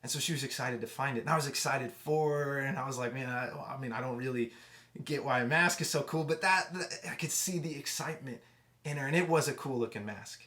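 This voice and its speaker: A man's voice: medium pitch, a little fast. Conversational man telling a youth sermon story. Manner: conversational, many restarts, drops to hushed tones for emotional moments. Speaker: youth pastor.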